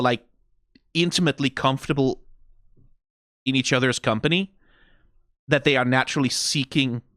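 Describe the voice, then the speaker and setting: A man hosting a reaction video, talking through the animation in a casual, animated way, full of "like" and "right?" and the odd curse. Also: mid-range voice, dry recording, clean studio sound. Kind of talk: casual analytical commentary.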